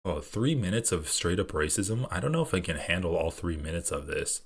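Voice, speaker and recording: A man's voice: low-pitched, animated, a little fast, breathy edge. A man live-streaming his reactions to online clips, sarcastic and profane, often laughing as he talks. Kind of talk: casual live-stream commentary.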